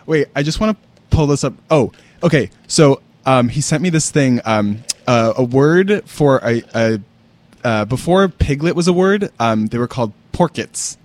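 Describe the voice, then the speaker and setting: An excitable male co-host on a comedy podcast, mocking himself as he chats. His pitch leaps around a lot, and he talks in quick, eager bursts. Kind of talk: casual comedy podcast chat.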